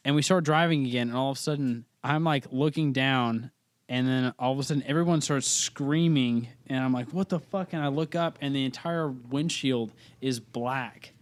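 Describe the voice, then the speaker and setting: A man's voice: medium pitch, normal speed. A young man, a podcast guest, telling a story in casual chat, rambling, swearing often and interrupting himself. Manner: rambling, profane, self-interrupting. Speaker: podcast guest, band singer.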